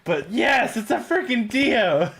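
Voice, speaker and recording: A man streaming a horror game, chatting about his moves, laughing often and breaking into shouts when things go wrong. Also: extremely high pitch, sing-song, takes it slowly, husky. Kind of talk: live gameplay commentary.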